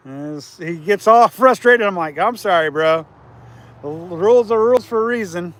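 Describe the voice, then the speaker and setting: A man's voice: high voice, expressive, normal speed, a bit bright. A man hosting a casual fishing livestream from outdoors by a river, chatting with viewers and laughing often.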